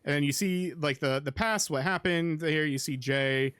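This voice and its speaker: Smooth-voiced man rambling through a recap. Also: a little high, normal speed, fairly bright tone, dry recording, studio quality. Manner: rambling, filler-heavy, with many ums and likes. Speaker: podcast host. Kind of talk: casual chat, recapping a film.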